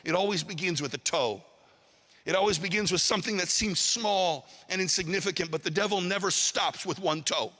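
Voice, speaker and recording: Male preacher, storytelling sermon, high bright voice, reverberant church hall. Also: brisk. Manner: animated, calls for audience response.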